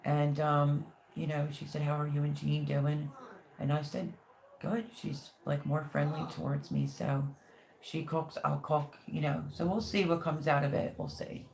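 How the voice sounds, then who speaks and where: A woman hosting a casual livestream, chatting and reading viewer comments aloud with warm, gushing thanks. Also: sits low, level tone, a little slow, creaky, slight background noise. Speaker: livestream host.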